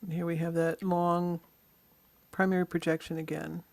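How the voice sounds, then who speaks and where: An easygoing birding instructor leads a slide-show lesson on identifying birds, with a voice of middling pitch. The talk is casual and often halts on ums and uhs while pointing out features in each photo. The sound is dry and close, with no room echo. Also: level tone, normal speed, gravelly. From Western Washington.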